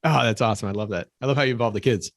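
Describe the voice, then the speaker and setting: A man's voice: fairly low pitch, very fast, dry recording, studio quality. A middle-aged man, co-hosting a podcast in casual chat, upbeat and often repeating words as he thinks. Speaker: podcast co-host.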